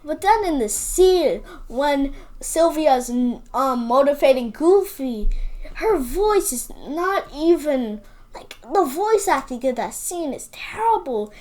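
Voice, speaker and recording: A woman's voice: sits high, lively intonation, slow, a bit bright. A woman giving a casual, rambling movie review, opinionated and full of "like" and repeated phrases.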